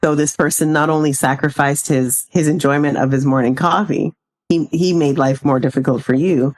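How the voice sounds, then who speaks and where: Woman, podcast guest, low voice, measured and reflective, quick to laugh. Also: steady tone. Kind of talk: casual chat.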